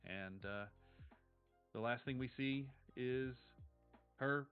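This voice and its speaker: Game master, man, mid-pitched, casual swearing, lo-fi stream sound. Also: smooth. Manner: descriptive, measured, casual swearing. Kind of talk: narrating a tabletop game. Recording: dull lo-fi stream audio with faint music.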